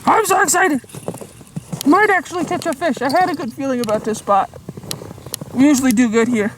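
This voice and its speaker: A woman vlogging while ice fishing on a frozen lake, bubbly and squealing with excitement. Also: high-pitched, a little fast. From Colorado, USA. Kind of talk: excited outdoor vlog. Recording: loud background noise.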